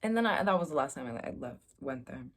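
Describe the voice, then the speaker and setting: A woman's voice: extremely low pitch, expressive, fast talker, breathy edge. A young woman vlogger in a casual confessional chat, telling candid stories with a self-mocking, chatty humor.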